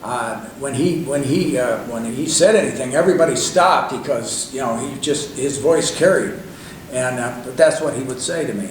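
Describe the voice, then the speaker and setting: Here an older man being interviewed spins loose, meandering anecdotes at a moderate pace, his mid-range voice broken up by fillers and false starts. The sound is echoey and distant, carrying a faint hiss.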